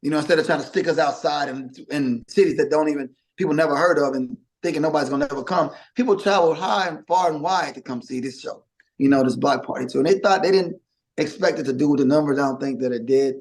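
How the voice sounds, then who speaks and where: Middle-aged male musician guest, slightly high voice, animated storyteller. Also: fast talker, low-quality recording. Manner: animated storyteller, acts out quotes. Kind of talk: casual interview chat.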